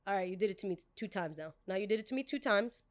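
A woman podcast host telling a story casually, with animated and dramatic retelling and quoted dialogue. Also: medium pitch, very fast.

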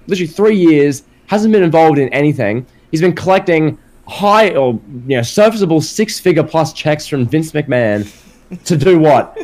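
Hosting a casual wrestling podcast, this Australian man rattles off sarcastic rhetorical questions. He sits on the high side of the range, with a somewhat dark tone.

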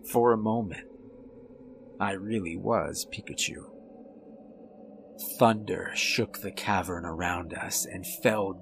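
A man reads a horror story aloud in a measured, calm way. His voice sits on the low side, and his delivery is unhurried. A faint hiss runs under the recording. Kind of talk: scripted horror story narration.

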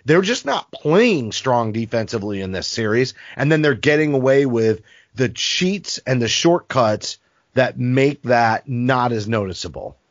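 A man's voice: medium pitch, animated, measured pace, no room sound, muffled recording. A man co-hosting a sports podcast, talking bluntly and with frustration, swearing casually. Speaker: podcast co-host.

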